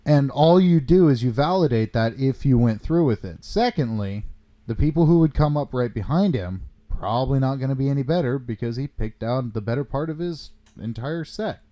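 A man's voice: mid-range voice, lively intonation, moderate pace, highs cut off. A man in casual political chat, talking bluntly with plenty of swearing and rhetorical questions.

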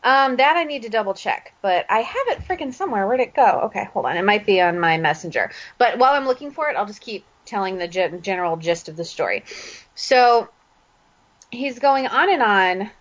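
A woman's voice: mid-range voice, a little fast. Laughing, chatty woman telling a story. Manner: animated storytelling with frequent laughs. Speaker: podcast co-host. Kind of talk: casual chat. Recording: dull lo-fi audio.

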